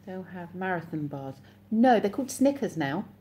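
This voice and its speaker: A woman's voice: lowish voice, sing-song, normal speed, warm tone, slight background noise. An English woman hosting a casual live stream, chatting and reading viewer comments aloud with frequent laughs. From England.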